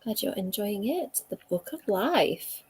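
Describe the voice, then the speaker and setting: A woman's voice: mid-range voice, sing-song, a little slow, darkish tone, breathy edge. Chatty woman hosting a livestream. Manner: chatty, reads out viewer comments, trails off with fillers. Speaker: livestream host. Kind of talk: casual livestream chat.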